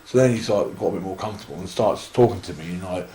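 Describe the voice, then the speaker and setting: Deep-voiced English man telling rambling stories. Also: fast talker, warm tone, a little hiss or hum. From England. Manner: rambling anecdotes full of restarts and laughter. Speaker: interview guest, wrestler. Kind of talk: casual storytelling. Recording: echoey room.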